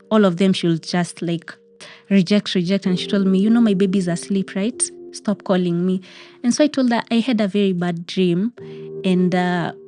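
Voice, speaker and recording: Mellow and medium-pitched, a young Kenyan woman shares an emotional personal story of grief. She keeps repeating phrases and slips Swahili words into her speech.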